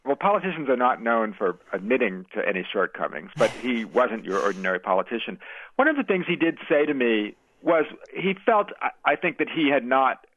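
A man's voice: mid-range voice, very animated, brisk, dry recording. Reflective American man on a phone line. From United States. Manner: reflective, storytelling, with small laughs and restarts. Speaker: interview guest, author and former magazine editor. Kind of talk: radio interview answers. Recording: tinny phone-line sound.

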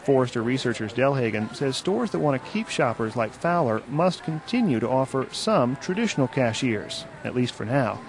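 A man's voice: mid-range voice, slight background noise. Male radio news reporter. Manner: measured, even delivery. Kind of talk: scripted news narration.

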